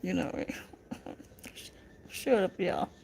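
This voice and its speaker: Slow, gravelly Southern woman laughing with chat. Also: fairly low pitch, wildly swooping pitch, darkish tone, slight background noise. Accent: Southern American. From American South. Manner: laughs often, teasing and chatty with viewers. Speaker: livestream host reading viewer comments. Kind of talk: casual live chat.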